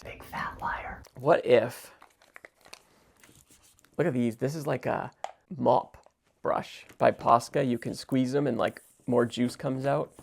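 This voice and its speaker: Gravelly sarcastic man chatting while drawing. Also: mid-range voice, darkish tone, slight background noise. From United States. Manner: sarcastic, jokey, talks to himself. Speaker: visual artist. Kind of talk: stream-of-consciousness drawing vlog.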